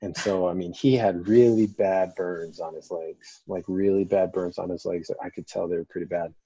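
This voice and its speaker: A man's voice: deep voice, fairly even intonation, normal speed, dark tone, breathy edge. A man, a firefighter and paramedic, telling a story in a casual interview in an earnest, rambling way with many fillers. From Colorado, US. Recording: dull lo-fi dry audio.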